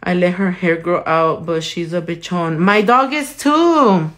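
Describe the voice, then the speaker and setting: A nail artist with a voice on the low side, a bit bright, speaks at a measured pace. She demonstrates her work live, chatting loosely with viewers, cursing freely, and switching between Spanish and English.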